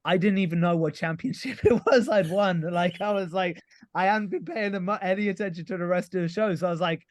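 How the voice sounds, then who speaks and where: Fast and high-pitched, this man is a pro wrestler on a podcast as a guest, rambling through a long tale with frequent "like" and "you know" and easy swearing. The recording is dry.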